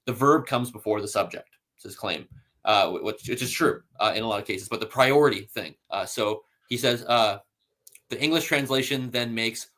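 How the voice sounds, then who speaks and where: A man of ordinary mid-range pitch hosts a casual scholarly talk. He explains step by step, pausing on "uh" and checking in with "right?". He also reads passages aloud from his sources. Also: a bit bright. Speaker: host.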